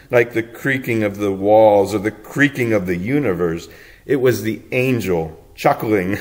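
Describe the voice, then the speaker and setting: Slow, tender male storyteller. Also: mid-range voice. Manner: tender, playful storytelling with soft chuckles. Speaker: audiobook reader. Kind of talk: storybook narration.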